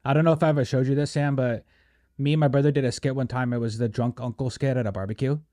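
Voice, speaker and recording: A man's voice: medium pitch, steady tone, fast talker, warm tone, dry recording, clean studio sound. A man hosting a casual podcast, rambling and joking with lots of fillers. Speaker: podcast host.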